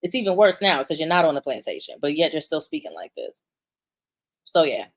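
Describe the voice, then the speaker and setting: Blunt, emphatic woman with a lowish voice. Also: big pitch swings, brisk. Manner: blunt, emphatic, profane, talks with restarts; reads viewer comments aloud. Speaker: commentary vlogger. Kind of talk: opinionated commentary.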